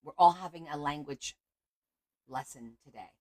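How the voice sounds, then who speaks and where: A woman's voice: low voice, moderate pace, darkish tone. A middle-aged woman hosting a casual craft livestream from home on her phone, chatty and teasing as she greets viewers by name.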